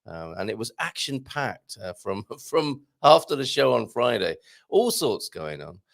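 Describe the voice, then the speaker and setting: Hoarse guy rambling on his live morning show, gravelly, pitch all over the place. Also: big pitch swings, measured pace. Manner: chatty, joking, rambling with fillers. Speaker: host. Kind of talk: casual live-stream chat.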